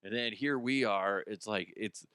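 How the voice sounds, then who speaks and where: A man's voice: lowish voice, unhurried, fairly bright tone, clean tone, dry recording, clean studio sound. A man hosting a comedy podcast, rambling and self-mocking with crude jokes while a little sick with the flu. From Colorado. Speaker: podcast host. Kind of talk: rambling comic monologue.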